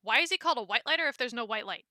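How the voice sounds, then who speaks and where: A woman in a casual podcast chat, eager and expressive with quick asides. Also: fairly high pitch, dry recording, studio quality. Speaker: podcast co-host.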